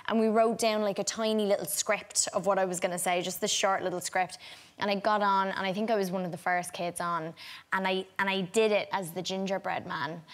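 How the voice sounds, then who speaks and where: Chatty young Irish woman telling a story. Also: mid-range voice. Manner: chatty, many likes and restarts. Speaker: talk show guest. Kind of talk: casual chat anecdote. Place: TV studio with audience.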